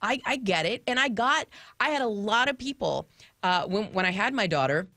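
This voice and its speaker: A woman's voice: mid-range voice, animated, moderate pace, bright, forceful tone, no echo, studio quality. A woman in her fifties co-hosting a radio show, chatting casually and often restarting her sentences. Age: 50s. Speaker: radio co-host.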